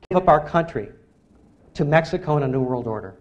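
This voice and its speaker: A man speaking as an author at a public lecture, his voice sitting a little higher than most men's. He talks in an emphatic, rallying way and keeps urging the audience to act. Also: animated, a little fast, dull audio. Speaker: author giving a public talk.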